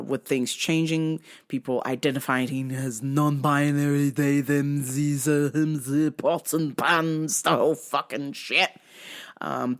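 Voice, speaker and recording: A woman host ranting casually, brash and profane, telling stories with bursts of laughter. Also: sits low. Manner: self-described masculine, brash. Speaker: podcast host. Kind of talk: casual rant.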